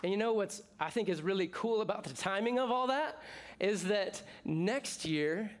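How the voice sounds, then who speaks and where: A middle-aged man from the United States preaching a sermon as pastor, talking in a conversational, jokey way with bursts of excitement. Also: high-pitched, normal speed, a little hiss or hum.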